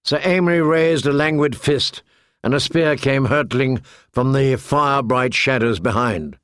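A man narrating a story in a measured, deliberate way into a close studio mic. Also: medium pitch, fairly bright tone, dry recording. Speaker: audiobook narrator. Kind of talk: scripted narration.

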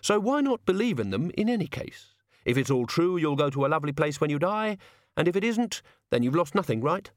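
A man's voice: on the high side, sing-song, a little fast, no echo, studio quality, voice pushed up. A man reading a storybook, voicing a smug, glib male philosopher making a clever argument. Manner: smug, reasoning.

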